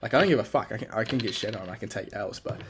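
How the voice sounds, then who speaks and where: Young guy, lowish voice, swearing loosely as he rambles alone on a podcast, hard on himself. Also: very fast, fairly bright tone, a little hiss or hum. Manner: rambling, profane, self-critical. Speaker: podcast host. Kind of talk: casual solo monologue.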